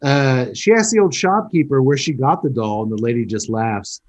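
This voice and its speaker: A man's voice: mid-range voice, normal speed. A man hosting a casual podcast, recapping a film with jokes and swearing. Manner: animated storyteller, swears, jokes. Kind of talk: casual chat.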